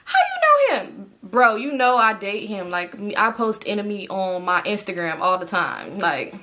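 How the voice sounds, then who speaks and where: Young woman, casual storytime, slangy, rambling, swears a lot, mid pitch. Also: normal speed, pushed and bright.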